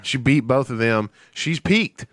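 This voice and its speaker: A man's voice: medium pitch, animated, unhurried, a bit bright, no room sound, studio quality. A man co-hosting a podcast in casual chat, rambling and swearing. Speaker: podcast co-host.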